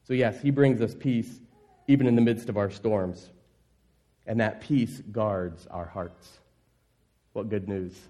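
A man preaching a sermon as pastor, earnest, asking the congregation questions and sinking into a soft, low voice on key words. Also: steady tone, a little slow.

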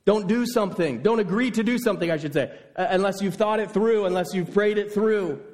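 A man preaching a sermon, telling a scripture story with lively, voiced exclamations. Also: high voice, brisk.

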